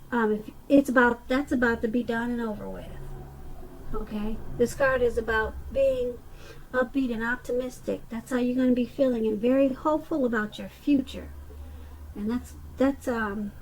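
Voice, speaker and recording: Higher-voiced woman giving a chatty tarot reading. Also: darkish tone, slight background noise, low-quality recording. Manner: chatty, restarts often, frequent "okay". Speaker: tarot reader.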